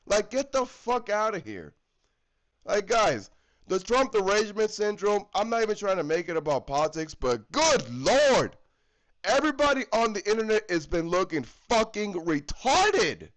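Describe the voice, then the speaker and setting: A man from the United States rants heatedly about hockey with constant swearing. His voice sits high for a man and swings widely up and down as he hammers his points home again and again. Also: very animated, normal speed, fairly bright tone, rough recording. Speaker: hockey fan vlogger. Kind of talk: profane ranting commentary.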